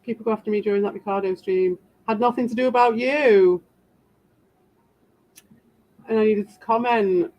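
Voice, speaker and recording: A woman's voice: on the high side, steady tone, normal speed. A British woman livestreaming and answering her chat, rambling defensively and tossing in sarcastic asides. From Britain. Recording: dull lo-fi sound.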